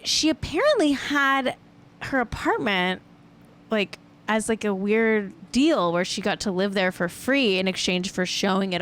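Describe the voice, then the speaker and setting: A woman's voice: mid-range voice, a bit bright. A woman hosting a casual celebrity gossip show, chatty and amused, peppering her talk with "like". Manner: chatty and amused, heavy use of "like". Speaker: podcast host.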